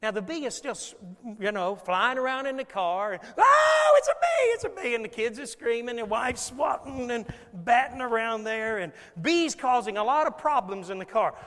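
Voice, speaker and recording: Speaking in a very high, slightly bright voice at normal speed with hardly a pause, a pastor tells stories during his sermon. He acts out scenes and puts questions to the congregation, his words echoing with long hall reverb.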